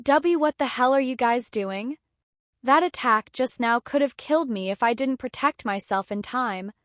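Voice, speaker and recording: A woman's voice: on the high side, normal speed, fairly bright tone, dry recording, studio quality, close to an everyday voice. A woman narrator voicing a young man, a student turned fighter, who speaks in a dazed, bitter way after being betrayed. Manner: dazed, then angry and bitter.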